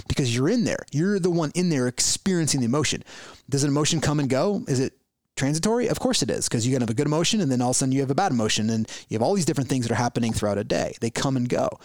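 A man's voice: medium pitch, darkish tone, no echo. A man hosting a solo podcast, giving a reflective spiritual talk full of rhetorical questions and restarts. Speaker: podcast host.

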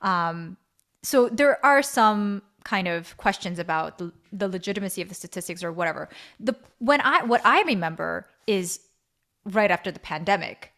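Middle-aged woman co-host, earnest and animated, casual chat; pitch rises and falls freely when she's worked up. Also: normal speed. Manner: earnest, pleading, animated storytelling. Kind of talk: casual conversation.

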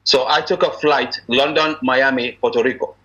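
Animated man, bright lively voice. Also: mid-range voice, moderate pace, dull audio. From Nigeria. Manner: animated storyteller, slips into pidgin, chuckles often. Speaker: actor, podcast guest. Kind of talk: casual interview chat. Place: at home abroad, remote call.

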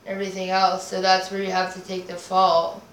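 A woman's voice: lowish voice, completely flat delivery, moderate pace, a bit bright. A woman guest on a podcast, chatting casually in a rambling way, swearing and making up nonsense words. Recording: roomy echo, faint noise.

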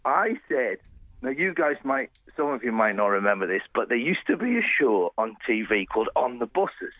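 A man telling stories in a casual radio chat, animated and full of restarts. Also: medium pitch, moderate pace, no room sound, phone-quality sound. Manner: animated storyteller, many restarts. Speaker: guest contestant.

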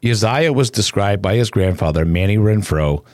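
A man narrating a somber news report in a solemn, measured way. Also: lowish voice, lively intonation, darkish tone, no room sound, studio quality.

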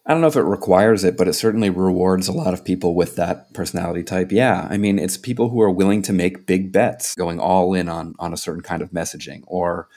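Man, very low voice, journalist guest, chatty storytelling, lots of ums. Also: fairly quick, hardly any pauses. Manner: animated anecdote telling with many fillers. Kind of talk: conversational interview storytelling.

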